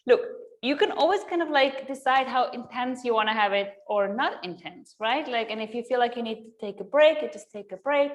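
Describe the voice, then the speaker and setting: A woman in her thirties, a yoga teacher chatting with her online class, rambling and laughing often at herself. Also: a little high.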